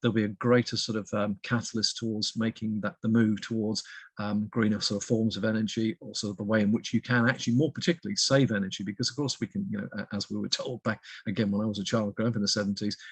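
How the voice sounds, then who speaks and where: A man's voice: on the low side, slightly rough, dry recording. A British man in his fifties, answering interview questions as an economist in a hesitant way, full of fillers. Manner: hesitant, heavy use of fillers like "sort of". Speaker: guest expert, economist.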